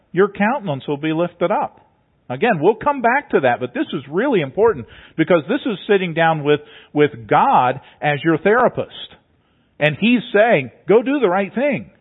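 Through tinny, phone-like audio, a pastor's slightly rough, somewhat high voice explains a passage in teacherly steps. He repeats words often as the sermon moves along.

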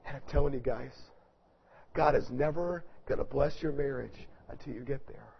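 A man preaching a sermon, swinging from loud, forceful preaching to soft, hushed storytelling. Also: mid-range voice, normal speed, gravelly, husky, highs cut off.

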